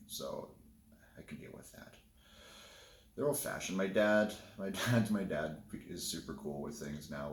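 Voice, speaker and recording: A man's voice: a bass voice, reverberant, a little hiss or hum. A man telling a candid personal story in a casual, rambling way, often restarting his sentences. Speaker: vlogger.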